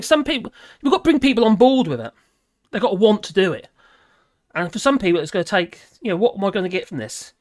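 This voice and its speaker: An older woman, hosting a live stream and chatting casually with viewers in a rambling, jokey, cheeky way. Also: medium pitch.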